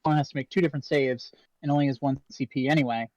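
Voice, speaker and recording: A man hosting a podcast, talking casually in a halting way with many restarts and fillers. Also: mid-range voice, steady tone, a little mellow, dry recording, muffled recording.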